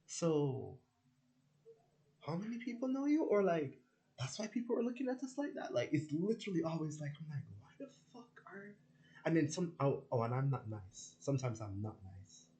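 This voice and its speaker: A man's voice: fairly high pitch, sing-song, normal speed, dark tone. A man talking in a casual, rambling monologue, swearing freely and acting out quoted conversations. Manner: rambling and profane, with frequent fillers and voiced quotes. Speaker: spiritual vlogger.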